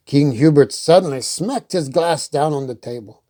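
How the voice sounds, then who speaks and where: A woman reading a storybook aloud in an unhurried, expressive way. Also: low-pitched.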